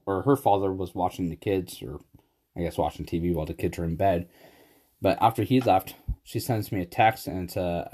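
A man with a lowish, mellow voice talks casually with a friend. He tells stories with animation and keeps breaking into laughter. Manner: laughs often, animated storytelling. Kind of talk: casual chat.

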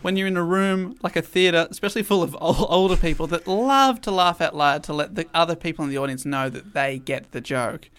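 A man co-hosting a podcast, retelling a play in casual chat with animated bursts. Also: fairly high pitch, brisk, hardly any pauses, smooth. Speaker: podcast co-host summarizing a play.

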